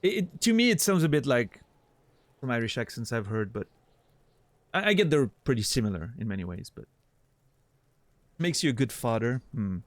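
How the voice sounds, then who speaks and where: Guy streaming a game, deadpan jokes, thinking out loud, mid-range voice, dry close mic. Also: mid-range voice, moderate pace, pauses often, no echo. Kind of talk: casual gameplay commentary.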